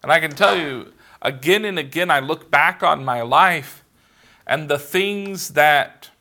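A man preaching a sermon as pastor, earnest and measured, leaning on emphatic pauses. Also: fairly high pitch, bright, forceful tone.

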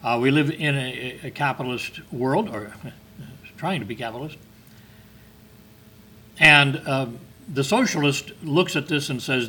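A man delivers a sermon in a husky voice with a bright, forceful edge. He talks to his listeners like a conversation and keeps asking them questions. He lifts his voice to stress key words and reads scripture in old-fashioned phrasing. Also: medium pitch, a little slow, pauses often. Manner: conversational preaching with rhetorical questions and emphatic lifts; reads scripture in King James wording. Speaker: preacher.

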